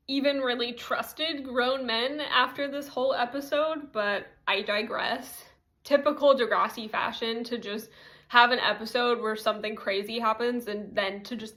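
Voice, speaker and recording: Young woman, slightly high voice, chatty recap host with filler-heavy, giggly delivery. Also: fairly bright tone. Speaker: TV recap commentator. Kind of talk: casual TV recap commentary.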